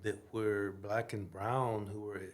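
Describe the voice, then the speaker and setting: This is a man in his forties from Chicago, chatting as a podcast guest with a fairly low voice. He talks in a relaxed, reflective way, peppering his thoughts with "you know". His manner stays easygoing and conversational. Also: takes it slowly. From Chicago, USA. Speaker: podcast guest, actor and theater director. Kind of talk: casual interview chat.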